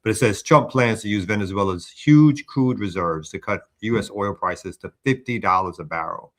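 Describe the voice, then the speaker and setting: Hosting a morning show, a man with a lowish voice talks through a news story at normal speed, earnest and discursive. It's political news commentary from a news commentary host.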